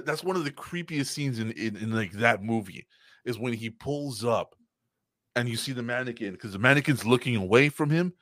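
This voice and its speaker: A man's voice: mid-range voice, a bit bright, no room sound, studio quality. A man co-hosting a casual podcast chat, talking animatedly and swearing freely as he acts out movie scenes. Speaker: podcast co-host.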